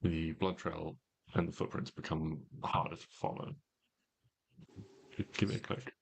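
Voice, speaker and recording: A man with a very low, deep voice runs a tabletop game as game master. He narrates in a measured way, pausing and filling gaps with ums. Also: little pitch movement, gravelly, breathy edge.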